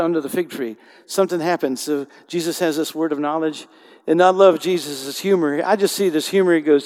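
Male pastor, passionate sermon delivery, hushed-to-loud swings, church reverb. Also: a little high, fairly even intonation, a little fast. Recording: long hall reverb.

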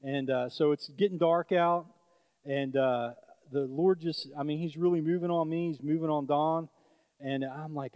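A man with a high voice tells a story from the pulpit in a loose, conversational way, full of fillers and restarts. The recording is dry and close. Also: steady tone, normal speed, darkish tone, clean tone, dry recording. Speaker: preacher. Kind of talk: sermon storytelling.

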